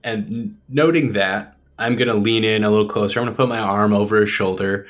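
A man with a fairly low voice playing in a tabletop role-playing game. He talks casually and playfully, laying out what his character does. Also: fairly even intonation, brisk. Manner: playful, describes his moves. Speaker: player.

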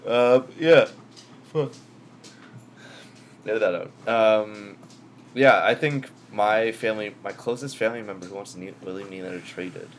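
Brief: young male co-host, lowish voice, offhand profane chat, slight noise in the background. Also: a little slow, long pauses. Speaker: podcast co-host. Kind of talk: casual sports chat.

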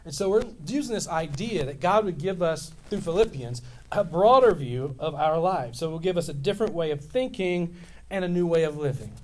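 Telling stories from the pulpit, a pastor from Louisiana in his fifties rambles animatedly and restarts often. He talks fairly quickly, his voice on the high side.

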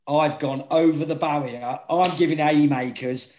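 A man's voice: on the high side, measured pace, slight background noise, low-quality recording. A man, a former football manager, telling stories in casual chat, swearing and acting out quotes. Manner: swearing, animated, acts out quotes.

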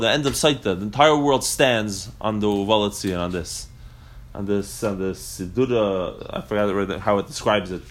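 A man at a mid-range pitch leads a live religious study class and explains each point to the group in front of him. He thinks aloud as he goes, stopping and restarting often. When he recites the Hebrew prayer lines, he falls into a rhythmic, chanting lilt. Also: a bit bright, a little hiss or hum. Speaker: Torah class teacher.

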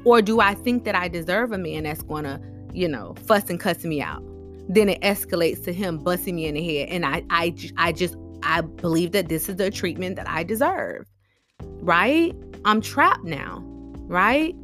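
Animated woman firing rhetorical questions. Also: fairly low pitch, moderate pace, soft background music. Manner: informal slangy speech. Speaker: vlogger giving relationship advice. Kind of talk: casual motivational monologue.

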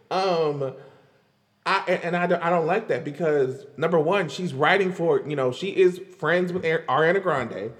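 A man hosting a podcast, chatting in a loose, animated way about pop music, with lots of fillers and frequent laughs. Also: on the high side, in a large hall. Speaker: podcast host. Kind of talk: casual pop-culture commentary.

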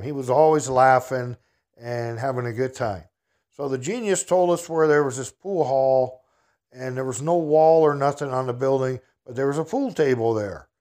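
Regular guy spinning a yarn, folksy and rambly, mid-pitched, chuckling along. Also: a little mellow. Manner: folksy, rambling, chuckles at his own story. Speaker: storyteller. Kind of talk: casual spoken anecdote.

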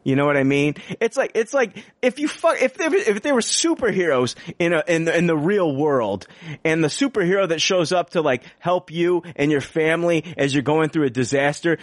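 A man's voice: on the high side, animated, moderate pace, no room sound. A man co-hosting a podcast, ranting with heavy swearing and mocking voices in casual chat. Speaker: podcast co-host.

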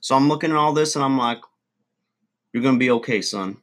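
A man's voice: mid-range voice, brisk, fairly bright tone. A man, hosting a podcast as a folksy, rambling storyteller in a comic monologue. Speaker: podcast host.

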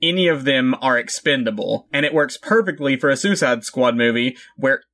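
Casting: man, podcast co-host, mid-pitched everyday voice, talkative casual movie chat. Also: expressive, moderate pace, a bit bright. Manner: chatty, laughs often, explains at length.

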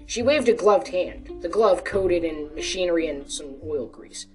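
A woman's voice: lowish voice, animated, measured pace, a little mellow. Woman narrating a story from afar. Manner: casual, with small self-corrections. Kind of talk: storytelling reading of a fan fiction. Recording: distant mic with faint music.

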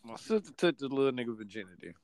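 A man's voice: mid-range voice, big pitch swings, fast, darkish tone. A man, hosting a podcast and casually telling a profane story full of acted-out voices. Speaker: podcast host.

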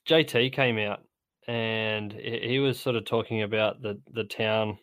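Male co-host, lowish voice, hesitant casual sports chat, dry close recording. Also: steady tone, fairly bright tone, smooth, dry recording. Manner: hesitant, repeats words, measured. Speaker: golf podcast co-host.

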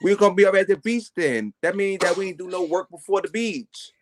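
A man co-hosting a podcast in casual chat, ranting in a profane, animated way. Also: high voice, fairly quick, slight background noise. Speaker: podcast co-host.

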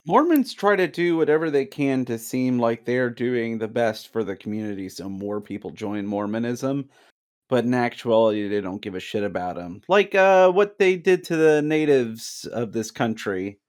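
An incredulous man co-hosting a podcast who swears freely. His pitch leaps around with lively expression. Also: normal speed. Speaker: podcast co-host. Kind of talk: casual chat.

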